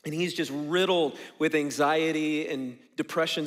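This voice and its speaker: A man preaching a sermon in a church auditorium, earnest, swinging between hushed moments and emphatic bursts. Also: fairly high pitch, fairly even intonation, moderate pace, few pauses. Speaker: pastor. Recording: long hall reverb with faint music.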